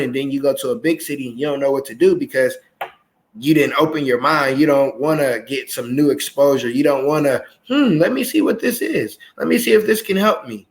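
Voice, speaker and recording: A man in his thirties hosting a casual interview chat, animated and acting out quoted voices as he talks. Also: fairly high pitch. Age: 30s. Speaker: podcast host.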